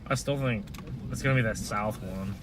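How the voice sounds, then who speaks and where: A man's voice: on the low side, moderate pace, noisy background. A man chasing storms with friends, chatting casually and talking through the radar. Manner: laid-back, reads the radar. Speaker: fellow storm chaser. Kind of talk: casual chat.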